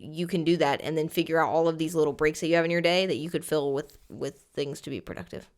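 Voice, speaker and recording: A woman co-hosting a casual fitness podcast, talking in quick, excitable bursts, laughing often and swearing casually. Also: sits low. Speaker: podcast co-host, personal trainer. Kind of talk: casual chat.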